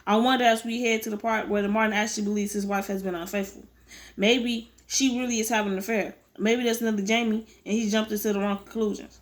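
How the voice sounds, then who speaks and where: A woman's voice: medium pitch, steady tone, fast talker. A woman reading a novel aloud, often stumbling and rereading words. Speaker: audiobook reader.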